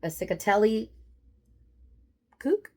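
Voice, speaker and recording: A woman's voice: medium pitch, very animated, slow, dark tone. A woman book vlogger chatting casually to camera, self-deprecating, with many fillers.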